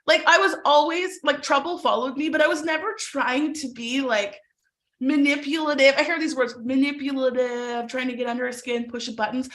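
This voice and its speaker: A middle-aged woman from Canada tells a story to a webinar audience with a high, bright voice. She brings the story to life by acting out the people in it. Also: normal speed. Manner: animated storyteller who acts out voices. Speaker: webinar presenter.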